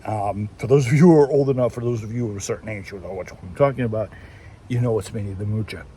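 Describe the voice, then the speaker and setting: A husky, dark-toned man with a fairly low pitch talks quickly while walking through town, chatting casually for his vlog. He rambles and keeps restarting his sentences, and it's recorded outdoors on a handheld phone.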